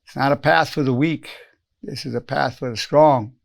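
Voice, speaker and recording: Gravelly older man teaching. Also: mid-range voice, steady tone, moderate pace. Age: 80s. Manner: earnest, repeats lines for emphasis, acts out quoted phrases. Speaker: psychologist teaching a lesson. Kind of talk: spoken self-help lesson.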